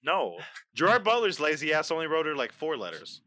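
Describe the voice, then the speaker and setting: Lively, bright-voiced male podcast co-host. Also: fairly high pitch, fairly quick, slight background noise. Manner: animated and teasing, swears casually. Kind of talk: casual chat.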